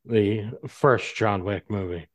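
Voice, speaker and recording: A man co-hosting a podcast, talking about a favorite film with excitement and frequent swearing. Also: fairly low pitch, slow pace, dry recording. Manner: animated, excited, swears freely. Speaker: podcast co-host. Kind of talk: casual movie discussion.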